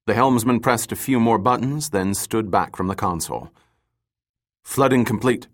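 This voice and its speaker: A man narrating a thriller with a low-pitched voice. He reads evenly and steadily, keeping the action clear. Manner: even, measured reading. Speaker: audiobook narrator. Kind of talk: scripted narration.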